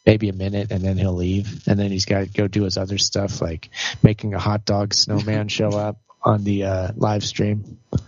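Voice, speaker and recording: A man's voice: on the low side, monotone, normal speed, no echo. Man, podcast co-host, rambling casual chat, muffled dry studio sound. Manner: chatty, rambling with many fillers. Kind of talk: casual live-stream chat.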